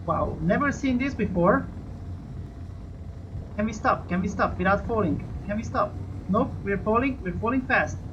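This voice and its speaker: A let's-play host talks through a tense flight at a middling pitch, narrating every reading and muttering to themselves. The lo-fi mic sounds dull and muffled. A loud spaceship engine drones behind the voice. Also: expressive, normal speed, background noise. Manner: talks to self, narrates each moment, swears and yelps when things go wrong. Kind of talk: live gameplay commentary.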